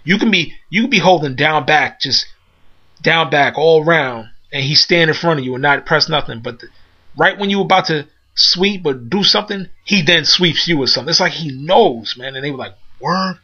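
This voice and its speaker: Guy telling an old arcade story in slang, bright forceful voice, kinda dull lo-fi sound. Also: a little high, expressive, husky. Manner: loose street slang, acts out friends' lines in quick voices. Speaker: storyteller recounting arcade days. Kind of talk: casual storytelling monologue.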